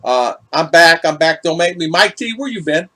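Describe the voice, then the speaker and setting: A man's voice: fairly high pitch, animated, normal speed, sharp tone. A middle-aged man hosting a casual livestream, chatting and greeting viewers in the chat by name. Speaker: vlog host reading live chat.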